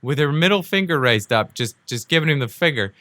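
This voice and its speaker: A man's voice: fairly high pitch, animated, brisk, pushed and bright, no echo, studio quality. A man hosting his own show, telling a story in a loose, casual way and often laughing as he acts out the people in it. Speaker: podcast host.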